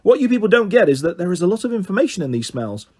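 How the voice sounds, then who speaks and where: A man voicing a small, eager male dog detective in a storybook reading, in a high, keen voice. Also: very animated, racing, darkish tone.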